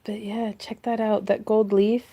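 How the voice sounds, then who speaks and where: A giggly woman hosts a relaxed craft livestream, chatting warmly and effusively with her viewers. She laughs often between her words, and her voice sits at a middling pitch. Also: unhurried. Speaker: craft channel host. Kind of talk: casual livestream chat.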